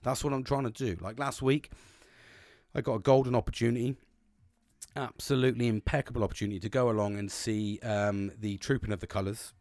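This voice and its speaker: A man's voice: medium pitch, fairly even intonation, a little fast, a little mellow, no echo. Swearing British man, rambling monologue. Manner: rambling, swears constantly, earnest. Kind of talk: casual monologue.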